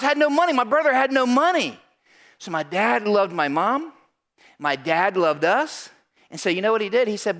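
A man telling a personal story to an audience, animated and acting out the voices of the people in it, often checking in with "right?". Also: extremely high pitch, moderate pace.

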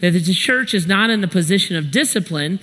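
A man's voice: sits high, expressive, a little fast, sharp tone, in a large hall. A middle-aged male pastor preaching emphatically, telling a family story and repeating points as he speaks straight to the congregation. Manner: emphatic, repetitive, direct address. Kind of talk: sermon with storytelling.

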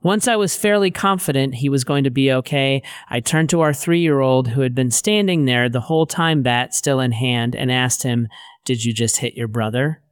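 A middle-aged man reading aloud from his Christian teaching book, plainspoken and wry in a steady teaching tone. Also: medium pitch, moderate pace, hardly any pauses, smooth, dry recording, studio quality. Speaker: author.

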